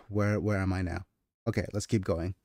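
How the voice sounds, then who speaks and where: A man's voice: low voice, steady tone, normal speed, a little mellow, no room sound, clean studio sound. Chatty man streaming his writing. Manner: self-correcting, chatty. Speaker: streamer and author. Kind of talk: casual livestream chat.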